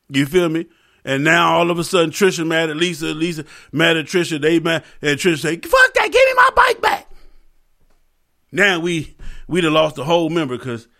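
A man's voice: a little high, fairly bright tone. A man hosting a podcast, talking in a loose, profane, joking way, with lots of asides to his listeners. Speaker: podcast host. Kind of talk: casual comedic podcast rant.

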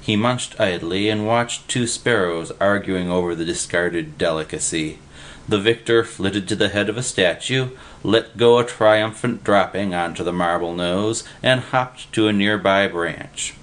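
Low-voiced male audiobook narrator. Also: unhurried, fairly bright tone. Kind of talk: scripted narration.

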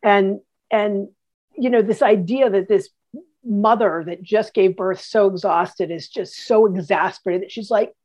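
Chatty woman telling lively stories. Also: mid-range voice, a little slow. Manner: animated, acts out quotes, many restarts. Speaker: guest. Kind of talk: casual storytelling.

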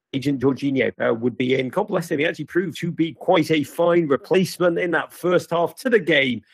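A man's voice: fairly high pitch, creaky, breathy edge, dry recording. A man hosting a football review show, giving a scripted match-review monologue in a sardonic, theatrical, wry way.

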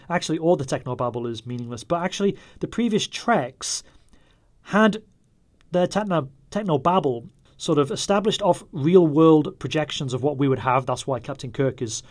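A man's voice: a little high, moderate pace. A man giving a casual solo review, rambling and wry, often stopping to correct himself. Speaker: podcast reviewer.

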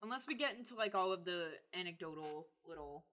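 A woman's voice: on the low side, expressive, brisk, a bit bright. Bubbly, jokey young woman. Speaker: podcast co-host. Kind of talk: casual chat.

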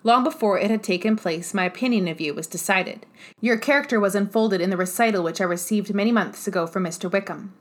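A woman's voice: medium pitch, quick pace, close to an everyday voice. Woman reading as an indignant young lady. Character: spirited young woman, indignant and sharp-tongued. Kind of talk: audiobook character voice.

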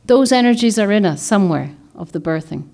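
A woman's voice: mid-range voice, expressive, a little fast, dark tone. Woman talking to a group, kind of rambling, restarts a lot, reflective. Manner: meandering, searching for words, many restarts. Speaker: author and speaker.

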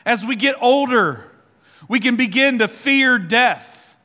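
A man preaching a sermon as pastor, animated, leading the congregation to repeat words back. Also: extremely high pitch, slow pace. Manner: animated preaching, leads the congregation in call-and-response. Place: church sanctuary. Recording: reverberant church hall with faint music.

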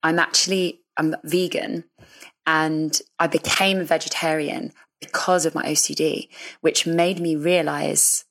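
A woman's voice: low voice, level tone, a little slow, a bit bright. A woman musician talking candidly in an interview, chatty and self-deprecating, often laughing. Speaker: musician guest.

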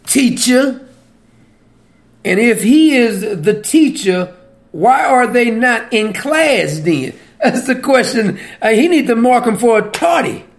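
A high-voiced man gives a sermon in a conversational, teasing style, with big swings in pitch and a slightly slow pace. He keeps putting questions to his listeners and chuckles at his own points.

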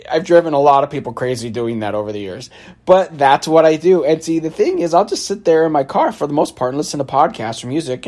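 A man telling a story from his travels in a casual, wry way, often laughing and acting out the back-and-forth. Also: mid-range voice. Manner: laughs often, animated storytelling with quoted exchanges; sarcastic, wry.

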